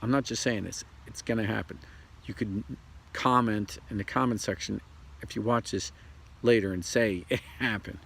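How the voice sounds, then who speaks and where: A man giving a rambling, casual spiritual talk outdoors, repeating himself and slipping into quick voices for other people. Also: fairly low pitch, gravelly, husky. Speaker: spiritual video host. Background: outdoor ambience, traffic and birds.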